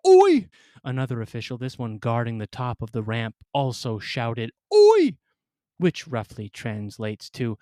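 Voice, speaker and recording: A man hosting and telling a scripted personal story, with wry, dramatic delivery and pointed pauses. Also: medium pitch, a little mellow, no room sound, studio quality. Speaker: storyteller and podcast host.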